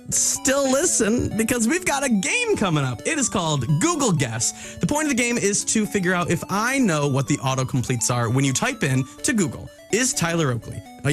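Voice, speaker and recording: A young American man in his twenties hosting a radio show in a studio, playful and giggly. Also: fairly high pitch. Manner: giggly and playful, animated swings. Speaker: radio host. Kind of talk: lively radio presenting. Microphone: studio microphone.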